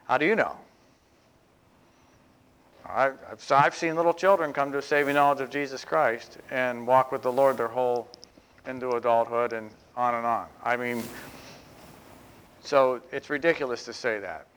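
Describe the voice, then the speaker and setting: Smooth-voiced pastor preaching conversationally. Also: male voice, medium pitch, a bit bright. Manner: conversational, with humorous asides; emphatic, slowing down to stress phrases. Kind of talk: sermon.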